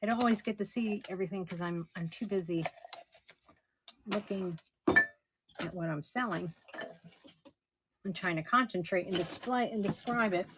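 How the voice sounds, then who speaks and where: A middle-aged woman running a casual live auction, chatty and somewhat hoarse as she loses her voice. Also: mid-range voice, moderate pace, pauses often, heavy background noise. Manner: chatty, describes items warmly with soft laughs. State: losing her voice. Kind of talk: casual live-stream selling.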